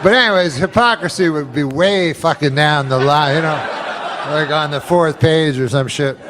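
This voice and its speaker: Deadpan, foul-mouthed male comedian. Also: fairly high pitch, normal speed, noisy background. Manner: deadpan, profane, rambling with fillers. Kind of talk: stand-up style storytelling.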